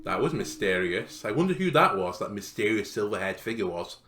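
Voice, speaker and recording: A man's voice: fairly low pitch, sing-song, fairly quick, fairly bright tone, slight background noise. A man playing a horror game and making wry, playful asides while reading the story aloud. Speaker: game streamer. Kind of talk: let's play commentary. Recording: echoey room.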